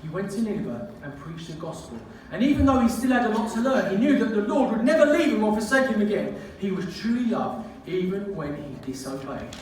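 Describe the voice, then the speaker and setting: Playful male storyteller, lively pitch, recorded far off in a very echoey, noisy room. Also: fairly quick, few pauses. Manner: playful, laughs at own jokes. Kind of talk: comic storytelling.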